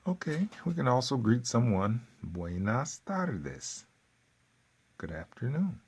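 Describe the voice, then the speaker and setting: A man teaching a workbook lesson, repeating phrases slowly with folksy asides. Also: medium pitch, very animated, a little mellow, a little hiss or hum. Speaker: Spanish teacher.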